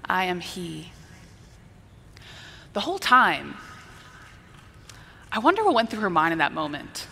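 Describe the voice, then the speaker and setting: A woman's voice: medium pitch, huge pitch swings, normal speed, vocal fry, sharp tone, breathy edge, in a large hall. A woman preacher giving a conversational Bible teaching, explaining and checking in with her listeners. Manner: explanatory, asks the listeners "right?".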